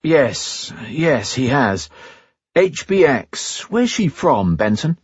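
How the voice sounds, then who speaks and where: An audiobook reader voicing a tense English helicopter captain who speaks in a clipped, understated way. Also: male voice, mid-range voice, breathy edge, no echo, lo-fi sound, pitched above the performer's own voice, exaggerated voice. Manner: clipped, deliberately flat.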